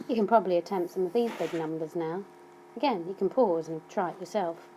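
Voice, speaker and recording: A woman teaching a language lesson, explaining numbers patiently and saying them slowly for learners to repeat. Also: lowish voice, dark tone, a little hiss or hum, poor audio. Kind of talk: slow explanatory lesson narration.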